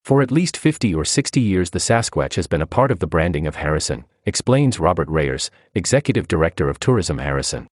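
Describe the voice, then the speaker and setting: A man reading a feature article aloud as scripted narration, in an expressive storytelling manner. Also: low-pitched, brisk, hardly any pauses, no echo, clean studio sound.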